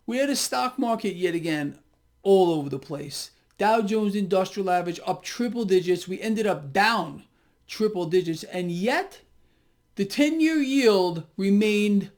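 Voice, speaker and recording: A middle-aged man hosting a casual market commentary, talking straight to his viewers in an animated, chatty way. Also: sits high.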